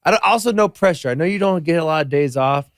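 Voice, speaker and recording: A man who is a musician speaks as a podcast guest in casual chat. His pitch swings up and down a lot, and he swears freely. The recording is close and dry. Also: fast talker, no room sound. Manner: lively, laughing, profane.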